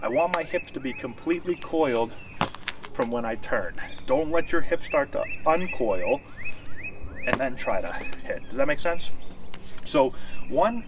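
A man's voice: mid-range voice, lively intonation, normal speed, a little hiss or hum. A man coaching baseball hitting, explaining and demonstrating moves while checking that viewers follow, a little out of breath. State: slightly out of breath. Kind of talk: instructional demonstration. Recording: distant outdoor camera audio, faint ambience.

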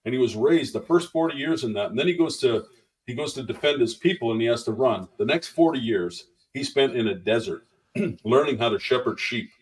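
A man in mid pitch tells church testimony stories in an easy, conversational way. He is animated and slips into the voices of the people in his anecdotes. His voice sits a little back from the microphone. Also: fairly quick, recorded from a distance, low-quality recording. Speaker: guest minister.

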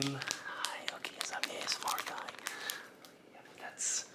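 A man's voice: medium pitch, steady tone, moderate pace. Flustered man in whispered role-play. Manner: frantic, nervous whispering that breaks into loud hissed commands; flustered, stammering, repeats himself. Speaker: ASMR creator.

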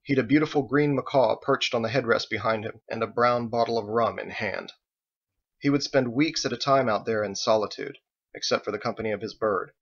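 A man reading his own novel aloud in measured audiobook narration, in a dull lo-fi recording. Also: fairly low pitch, a bit bright. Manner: measured storytelling.

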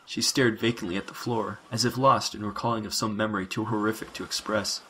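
A man narrating science fiction in a measured, dramatic reading. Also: lowish voice, steady tone, background noise.

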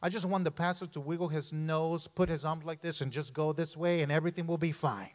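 A man preaching a sermon in a church, animated and calling out to the congregation, often repeating himself. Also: a little high, fairly quick. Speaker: pastor. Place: church sanctuary.

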